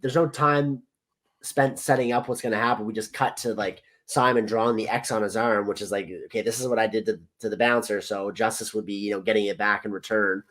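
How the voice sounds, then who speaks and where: A man co-hosting a casual movie podcast, relaxed and agreeable, often chiming in with short agreements and laughs. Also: on the low side, brisk. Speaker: podcast co-host.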